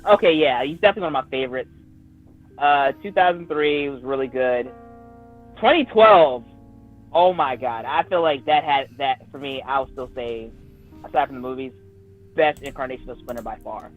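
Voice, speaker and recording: A man chatting casually on a livestream, excited and often restarting his sentences. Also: medium pitch, moderate pace, faint music behind. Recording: slightly dull lo-fi stream audio.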